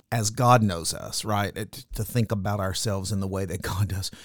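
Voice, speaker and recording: A man's voice: lowish voice, a little mellow, no echo, studio quality. A man, a pastor, hosting a Christian radio talk show in an affirming pastoral manner.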